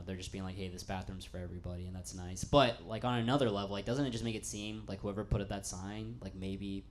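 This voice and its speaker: A man with a fairly low voice works a small studio crowd in a stand-up set. His delivery is offhand and deadpan, with a faint hiss of room noise behind him. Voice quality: offhand, deadpan, then loud comic outbursts. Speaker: stand-up comedian. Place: small studio stage with live audience.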